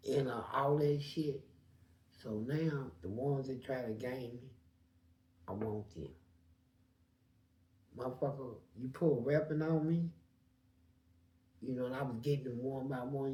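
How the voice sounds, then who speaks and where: A man with a gravelly, rough voice spins a casual story, acting out every voice in it and swinging from loud bursts to hushed murmurs. His voice rings in an echoey room. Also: medium pitch, a little slow, long pauses. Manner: animated, acts out quoted voices, swings loud and quiet.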